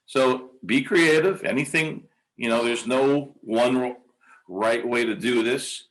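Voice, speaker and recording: At a conference workshop demonstration, a male music teacher chants rhythm syllables and counts beats aloud, hesitating often with ums and uhs. His medium-pitched voice is slightly bright, and he takes things slowly.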